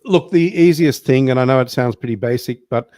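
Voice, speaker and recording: A man, the show's guest, explaining things in a measured way in casual online talk. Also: mid-range voice, warm tone, no room sound, clean studio sound. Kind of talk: casual online show interview.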